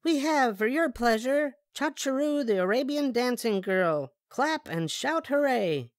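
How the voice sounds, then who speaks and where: An older man reading a storybook aloud, putting on a high falsetto voice for a bossy, theatrical little girl who fancies herself a star. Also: sing-song, unhurried, no room sound, clean studio sound, heavily acted. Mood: showy announcing.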